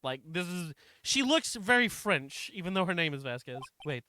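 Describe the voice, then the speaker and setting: A man's voice: high voice, very animated, moderate pace, sharp tone, slight background noise. A man casually commenting while playing a game, rambling and self-deprecating, swearing at his mistakes. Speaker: streamer.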